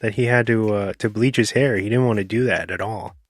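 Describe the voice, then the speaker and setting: A man's voice: fairly low pitch, fairly quick, no room sound, studio quality. A man co-hosting a casual podcast film review, asking questions and laughing along. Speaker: podcast co-host.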